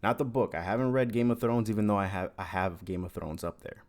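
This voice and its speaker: A man's voice: on the low side, fast, a little mellow. A man casually reviewing a book on his channel, rambling with frequent restarts and filler words.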